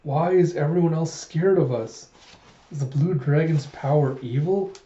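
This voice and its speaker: A man's voice: a little high, measured pace, mellow, reverberant, dull audio, close to an everyday voice. A man doing a timid, tearful little boy. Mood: pleading. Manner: pleading, hesitant. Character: timid young boy dragon, lonely and teary.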